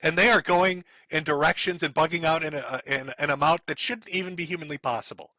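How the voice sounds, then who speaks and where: Stream host, man, middle-aged, high and bright, sarcastic mocking commentary, dry close mic. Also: fairly quick, no echo. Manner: sarcastic, mocking, laughs often.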